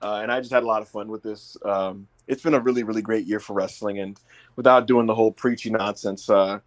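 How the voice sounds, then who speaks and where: A man's voice: fairly low pitch, steady tone, fairly quick. A man hosting a casual wrestling livestream chat, laughing often and stammering through restarts. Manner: laughing, stammering, acts out announcer voices. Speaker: podcast host.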